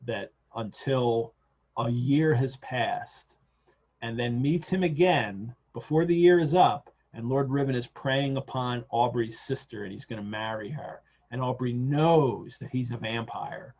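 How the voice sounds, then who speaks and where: A man's voice: mid-range voice, darkish tone, breathy edge. A man hosting a casual discussion of a novel over a video call, talking with enthusiasm, wandering off on side points and filling gaps with ums. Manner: enthusiastic, digressive, many fillers. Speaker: host. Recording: dull lo-fi video call audio.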